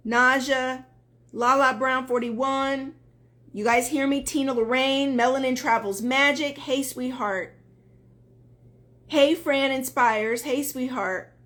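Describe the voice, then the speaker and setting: A woman's voice: high voice, a bit bright. A woman dating coach talking on a live stream, earnest and emphatic, greeting viewers as they join.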